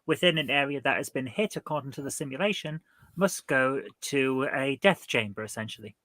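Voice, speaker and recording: A man's voice: medium pitch, brisk, sharp tone, no room sound. A man on a quiz panel, rambling and cracking jokes between guesses. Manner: jokey, rambling with fillers. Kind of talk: casual quiz chat.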